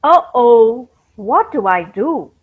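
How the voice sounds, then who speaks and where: A woman voicing a stubborn, hot-tempered middle-aged village man with a low growling voice, in a storybook reading for children. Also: very animated, slow pace, husky, full character voice. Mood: angry growl. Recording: dull lo-fi recording.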